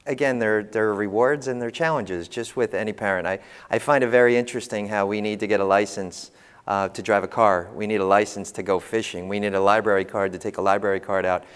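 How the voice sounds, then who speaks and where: A man telling humorous, animated parenting stories to an audience as a panel speaker. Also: on the low side, smooth. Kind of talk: storytelling talk to an audience. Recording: long hall reverb.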